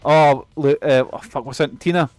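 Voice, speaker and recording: A man's voice: fairly high pitch, normal speed, a little mellow. A young man giving rambling, sweary commentary while he plays a game. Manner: rambling and sweary, laughs often. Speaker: streamer. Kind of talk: casual gameplay commentary.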